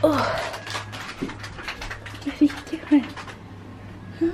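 A woman's voice: a little high, lively intonation, a little slow, over music. A woman recording a casual family vlog on a handheld camera, chatty and giggly, with a nasal voice from a cold, talking sweetly to her children. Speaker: family vlogger.

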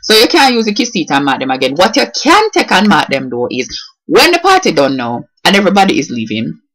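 A Jamaican woman hosting a comedic vlog, her voice swinging widely up and down as she talks. She is animated and slips easily between standard English and patois. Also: fairly low pitch, quick pace. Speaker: comedic vlogger.

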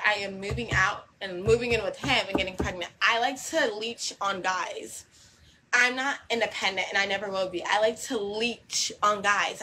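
A woman's voice: mid-range voice, pushed and bright, a little hiss or hum, low-quality recording. A young woman in a casual monologue to camera, talking in a brash, combative and repetitive way and swearing freely.

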